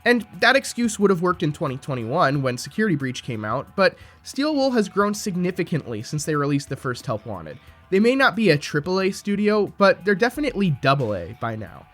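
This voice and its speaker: A man with a slightly high voice delivers scripted commentary, critical and sarcastic in tone. Faint music plays quietly underneath him. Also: big pitch swings, brisk, hardly any pauses. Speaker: video essayist.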